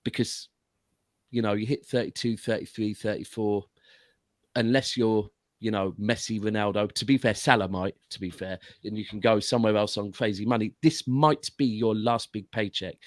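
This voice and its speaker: A man's voice: fairly low pitch, no echo. A man as a guest pundit giving casual football analysis, explaining at length with frequent restarts. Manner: explanatory, long runs of reasoning with restarts.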